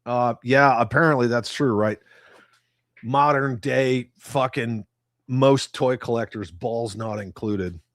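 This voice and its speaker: A man's voice: medium pitch, takes it slowly, dry recording, clean studio sound. A middle-aged man hosting a casual livestream, reading viewer comments and ranting bluntly with lots of profanity. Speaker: livestream host.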